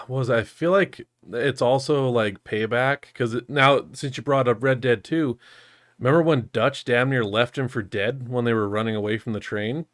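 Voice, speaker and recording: A man's voice: mid-range voice, moderate pace, a bit bright, no echo, clean studio sound. A man co-hosting a podcast, chatting casually and rambling with lots of fillers. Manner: rambling with many fillers, laughs often. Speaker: podcast co-host. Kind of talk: casual chat.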